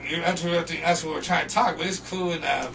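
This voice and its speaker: A podcast guest from North Portland, USA, tells casual stories in an animated, profane way, laughing and acting out other people's voices. He talks fast with a voice on the high side. A distant mic picks up steady background noise.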